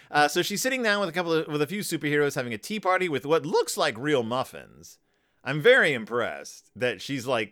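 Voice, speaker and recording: Rambling wry man, lively pitch. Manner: rambling, wry, self-interrupting, animated; puts on brief character voices when paraphrasing. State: tired. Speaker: podcast host. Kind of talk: casual book review chat.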